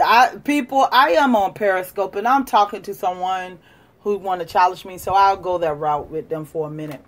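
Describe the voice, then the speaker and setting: A woman hosting a livestream, lecturing and challenging viewers in a combative way, moving from shouting to quiet muttering. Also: mid-range voice. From United States. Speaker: livestream host. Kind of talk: live-stream rant to viewers.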